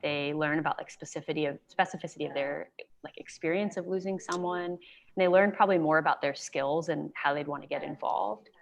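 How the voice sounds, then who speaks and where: Low-voiced woman chatting on a video call. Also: fairly quick, creaky. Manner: conversational and enthusiastic, sprinkles in "like". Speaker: guest speaker.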